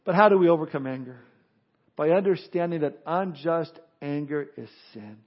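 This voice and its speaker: A man's voice: a little high, normal speed, lo-fi sound. A man preaching a sermon, earnest, telling jokes and stories along the way. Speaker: pastor.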